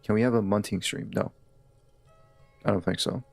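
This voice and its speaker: Gravelly low-voiced male streamer. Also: steady tone, moderate pace, no echo, faint music behind. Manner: chatty, joking, laughs often. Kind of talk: casual gameplay commentary.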